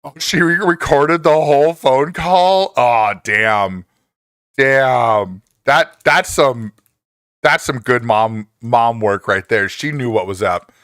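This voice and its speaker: Crisp bright-voiced man chatting on stream. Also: slow pace, no room sound, clean studio sound. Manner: chatty, laughs often, pitch jumps when excited. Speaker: live streamer. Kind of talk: casual chat reading viewer messages.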